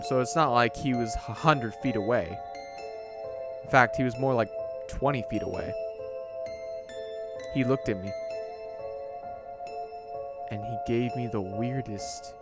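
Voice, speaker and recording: Slow, deliberate male horror narrator. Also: medium pitch.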